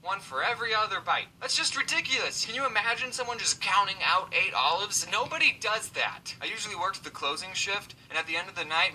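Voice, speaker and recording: Brief: young male storyteller, lively and sarcastic, bright high voice, faint hiss behind. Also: rough recording. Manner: animated, sarcastic, puts on voices for people in the story. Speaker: animated storyteller. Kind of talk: comedic storytelling to the camera. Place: Arizona.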